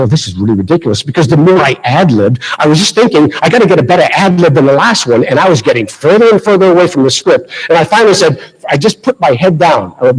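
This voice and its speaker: Middle-aged man, Boston accent, husky voice, self-deprecating storyteller, ceremony speech. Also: on the high side, fast, poor audio. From Massachusetts. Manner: anecdotal, self-deprecating, lively retelling. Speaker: ceremony speaker. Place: school ceremony hall. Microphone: handheld mic.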